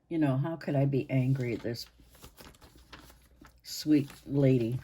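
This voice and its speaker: A woman in her sixties hosting her own channel, chatting to camera in a rambling way with pauses and restarts, her voice hoarse and interrupted by coughs. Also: rumbling low, a little hiss or hum. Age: 60s. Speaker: channel host. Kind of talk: casual chat to camera.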